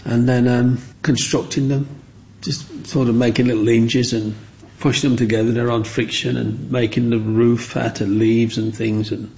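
Warm in tone but flat in delivery, a man with a mid-range voice talks at normal speed. Recounting childhood stories for an interview, he performs the other kids' voices as he quotes them.

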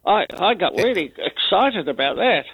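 A man's voice: high voice, sing-song, normal speed, husky, no echo. An older man with a New Zealand accent calling a talkback show, rambling and hesitant as he grumbles. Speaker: caller. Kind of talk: casual talkback chat. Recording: muffled phone-in line.

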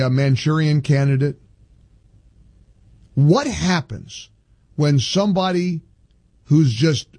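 A man's voice: fairly high pitch, darkish tone, breathy edge, dry recording. A man hosting a talk radio show in a studio, delivering an indignant, emphatic monologue full of restarts.

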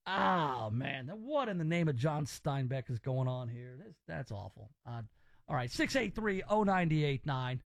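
A man's voice: fairly high pitch, very animated, a little slow, creaky, dry recording. A man from Memphis hosting a casual talk radio show, opinionated and rambling as he reacts to stories. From Memphis, Tennessee, US.

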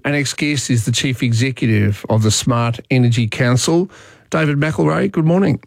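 A man's voice: medium pitch, moderate pace, gravelly, dry recording. A man with an Australian accent hosting talkback radio, chatting in a conversational way and thinking aloud with fillers.

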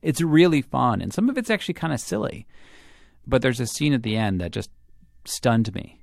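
A male interviewer narrates and asks questions in a measured, explanatory way. His voice has a gravelly fry and sits in a dry, close space. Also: medium pitch, big pitch swings, no room sound. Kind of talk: radio-style narration and interview.

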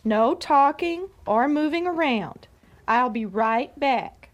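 A woman's voice: high-pitched, animated. A woman voicing a firm sixth grade teacher in a children's radio drama. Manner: firm, slow.

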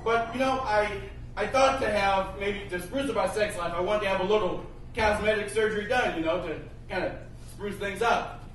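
A man performing a stand-up routine on a club stage, delivering deadpan one-liners. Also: sits high, normal speed, slight background noise. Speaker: stand-up comedian. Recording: echoey club mic from a distance. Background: audience laughter.

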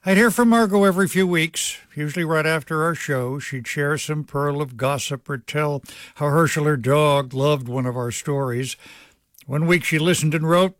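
A man's voice: fairly high pitch, moderate pace, a bit bright, dry recording. A male radio news host reading a scripted essay with wry, affectionate storytelling. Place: dry radio studio. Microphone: studio microphone.

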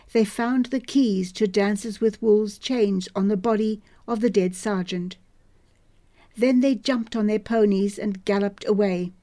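A woman reads a novel aloud in a measured, even storytelling manner. Her pace is slow and deliberate. Her tone is warm and mellow, and her pitch sits in a middle range. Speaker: audiobook narrator. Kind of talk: scripted novel narration.

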